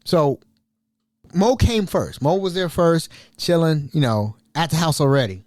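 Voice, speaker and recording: A man from Ohio recounting stories as a podcast host, animated and chatty. His pitch sits a bit high and swings a lot. The sound is close and dry. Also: a little slow, dry recording. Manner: animated, laughing often, chatty. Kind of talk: casual storytelling.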